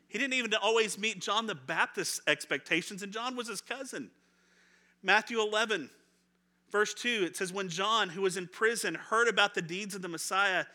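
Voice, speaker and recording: Bright-voiced pastor preaching conversationally. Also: male voice, high voice. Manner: conversational, animated, acts out voices of people in the story; laughs often, repeats words when restarting. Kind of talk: sermon.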